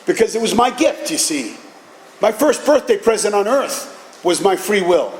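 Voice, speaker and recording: A middle-aged man giving an animated personal talk at a recovery meeting, telling stories with casual profanity. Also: high-pitched, normal speed. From Boston area, USA. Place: meeting hall. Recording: echoey hall with faint ambience.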